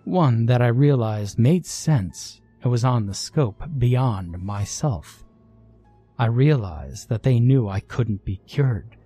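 Man, horror story narration, measured, slow pace, husky dark voice, faint music behind. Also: medium pitch, lively intonation. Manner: measured first-person storytelling.

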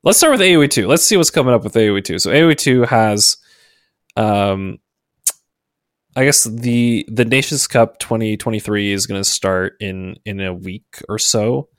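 A man's voice: fairly low pitch, normal speed, dry recording, clean studio sound. A man hosting a casual chat show, laughing often and hesitating with fillers. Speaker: podcast host.

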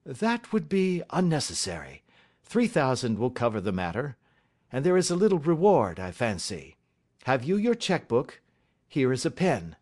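A man reading a calm, stern detective. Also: medium pitch. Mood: composed. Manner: composed, deliberate, authoritative. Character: calm, stern male detective, measured and assured. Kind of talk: audiobook character reading.

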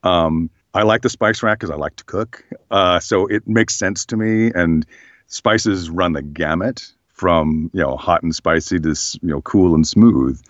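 Casual guest: hoarse, very deep-voiced man, reflective, on a muffled lo-fi track. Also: unhurried, no room sound. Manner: relaxed, thoughtful, many fillers. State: slightly hoarse. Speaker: voice actor guest. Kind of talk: casual interview chat.

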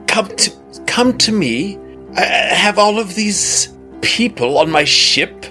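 A man's voice: high-pitched, expressive, slow, pushed and bright, soft background music, voice pushed up, exaggerated voice. Give me a man playing a haughty female vampire elf with a raised, lofty voice.

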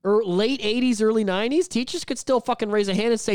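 A man's voice: high-pitched, fast talker, clean tone, no room sound, studio quality. A man in his thirties, co-hosting a podcast and telling stories with lots of swearing and put-on voices. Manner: profane, animated storytelling with put-on voices. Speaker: podcast co-host. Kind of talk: casual chat.

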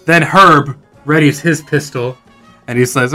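A man's voice: mid-range voice, measured pace, faint music behind. A man narrating and running a tabletop role-playing game in a casual, chatty way. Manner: relaxed, chatty narration with fillers. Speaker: game master.

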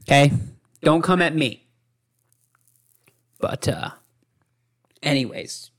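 Slow, easygoing podcast host. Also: mid-range voice, animated. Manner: unhurried, self-mocking. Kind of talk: casual chat.

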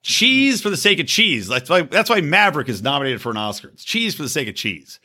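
A man in his thirties hosts a comedy podcast, spinning a story with big swings in pitch and a bright, tense edge. His voice sits fairly high and has a husky, breathy grain. He talks bluntly and swears freely. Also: fairly quick. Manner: animated storyteller, profane and blunt. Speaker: podcast host. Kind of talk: casual comedy podcast banter.

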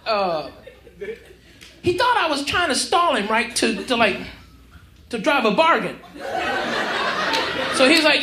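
A man's voice: very high-pitched, sing-song, takes it slowly, pauses often, background noise. A man from Houston, Texas, doing a brash, profane stand-up comedy set on a comedy club stage, telling stories and working the crowd through a handheld stage mic. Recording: echoey club with crowd laughter.

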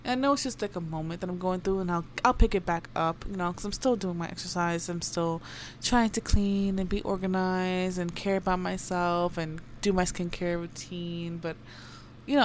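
A young woman hosts a podcast, rambling through a candid personal rant, swearing freely and tossing in Spanish phrases. Her voice is on the low side, with a little hiss or hum on the recording.

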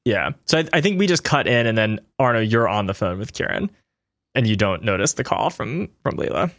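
A man's voice: on the low side, very animated, a little fast, a bit bright, no room sound, studio quality. A man narrating as game master, loose and hesitant, with fillers and light laughs.

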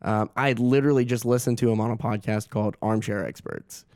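A man's voice: on the low side, fast talker, no echo, studio quality. A young adult man, a guest actor, telling a story casually and acting out the quotes with laughs. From Augusta. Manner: animated, laughing, acts out quotes.

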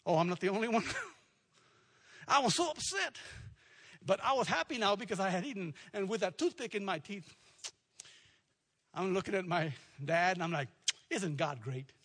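A male pastor from preaches with a high, husky voice. He moves from relaxed storytelling into a building, emphatic, repetitive declaration. His colors his words. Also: normal speed, pauses often. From South Texas. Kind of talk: sermon.

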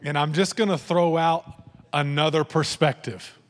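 Animated preacher man in a reverberant hall. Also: on the high side, normal speed. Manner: conversational, animated, acts out voices and asides. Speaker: pastor. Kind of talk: sermon.

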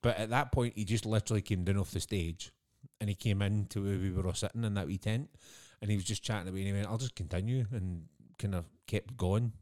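Deep-voiced Scottish man telling stories. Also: quick pace, few pauses, a little mellow. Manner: chatty storyteller, laughs often. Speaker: podcast co-host. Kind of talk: casual chat.

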